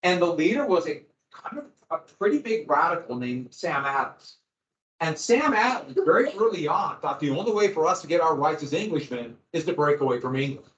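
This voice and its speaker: A man's voice: on the high side, expressive, a little fast, fairly bright tone. Guy teacher going over a worksheet, chatty loose explaining, kinda muffled lo-fi, echoey room. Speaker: history teacher. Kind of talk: classroom lecture. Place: classroom. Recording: echoey, dull lo-fi classroom audio.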